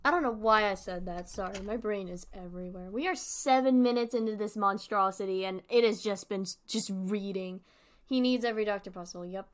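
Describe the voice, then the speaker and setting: A woman's voice: mid-range voice, fairly quick. A woman streamer chatting casually and digressively while reacting to a horror series, often breaking into laughter. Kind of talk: casual live-stream commentary.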